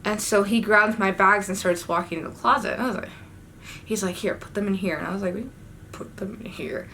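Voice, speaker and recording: Young woman vlogger, bright voice, slangy storyteller with sudden cursing bursts, faint hum behind. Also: mid-range voice, fast talker. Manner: animated, swearing, slangy storytelling with sudden outbursts. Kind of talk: casual storytime.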